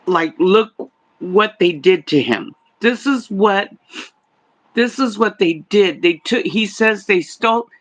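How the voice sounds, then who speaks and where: An older woman giving a psychic reading, talking in halting stops and restarts. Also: mid-range voice, animated, low-quality recording. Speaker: psychic medium.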